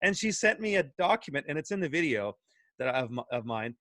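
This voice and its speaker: A man and farmer, talking in an animated, excited way, full of restarts and emphatic questions. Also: fairly high pitch, fast, no room sound. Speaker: guest, urban farmer. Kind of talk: animated casual discussion.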